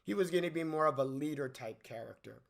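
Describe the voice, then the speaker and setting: A man's voice: fairly high pitch, fast, gravelly. A man hosting a movie commentary channel in an unscripted rant, rambling and restarting his sentences, asking incredulous questions. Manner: rambling, with many restarts and stammers.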